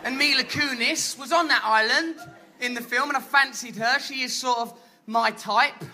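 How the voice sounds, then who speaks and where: A man's voice: extremely high pitch, moderate pace, bright, forceful tone. A man with an English accent performing a theatrical, flamboyant stand-up comedy routine on stage. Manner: theatrical, flamboyant, mock-grandiose. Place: comedy stage before a live audience.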